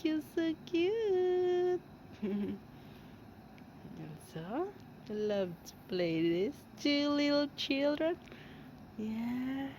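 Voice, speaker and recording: A woman filming her cats at home, talking to them in slow, cooing baby talk and laughing often. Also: high voice, very animated, a little mellow, lo-fi sound, slight background noise. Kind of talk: casual baby talk to kittens. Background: kittens meowing.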